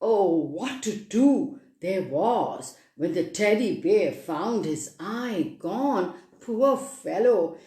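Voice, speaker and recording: A woman reading a children's story aloud, expressive and animated, with sound effects. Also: mid-range voice, extremely slow, hardly any pauses. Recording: echoey room.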